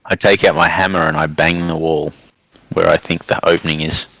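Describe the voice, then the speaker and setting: Deep crackly gamer, bright and dry. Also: male voice, flat delivery, brisk, vocal fry, no echo. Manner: hesitant, full of ums while asking questions. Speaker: player. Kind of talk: casual tabletop game play. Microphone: online voice call.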